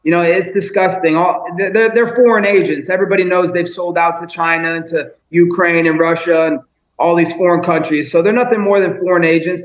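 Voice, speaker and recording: Blunt male guest, slightly high voice, emphatic, echoey remote line. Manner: blunt, emphatic, repeats himself. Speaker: guest fighter. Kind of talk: call-in interview.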